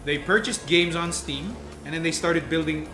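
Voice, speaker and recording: A man's voice: on the high side, normal speed. A man co-hosting a gaming podcast, rambling through news with restarts. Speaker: podcast co-host. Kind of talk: casual podcast chat. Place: shared room, four hosts on one mic. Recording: roomy room with music behind.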